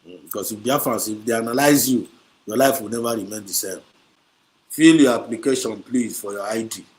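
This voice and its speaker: A man's voice: on the low side, brisk, darkish tone. A man with a Nigerian accent hosting a heated livestream, combative and repetitive, switching between English, Pidgin and Igbo. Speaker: livestream host. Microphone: streaming setup.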